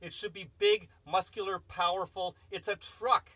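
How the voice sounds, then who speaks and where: A man's voice: sits high, level tone, normal speed, bright, forceful tone. A man hosting a live stream, reading chat questions and rambling through opinionated casual answers.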